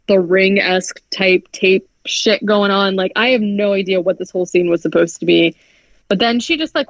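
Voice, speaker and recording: A woman co-hosting a podcast recaps a movie in casual chat, using "like" constantly and swearing often. Her voice is mid-range with no echo, captured in dry, dull lo-fi podcast audio.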